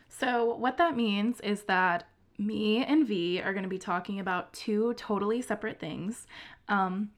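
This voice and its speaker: A woman co-hosting a podcast, chatting eagerly with plenty of ums. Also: medium pitch. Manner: chatty and enthusiastic, with frequent ums. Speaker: podcast co-host. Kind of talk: casual chat.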